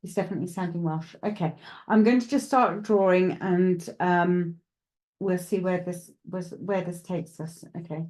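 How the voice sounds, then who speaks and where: A woman runs a live psychic reading, talking straight to her unseen viewers as she goes. Her voice is mellow and unhurried at its core. She pauses, restarts and thinks out loud as she works things out. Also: on the low side, steady tone. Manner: chatty, thinks aloud, addresses viewers directly; hesitant, with frequent restarts while working things out. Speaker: psychic medium. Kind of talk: live streamed mediumship reading.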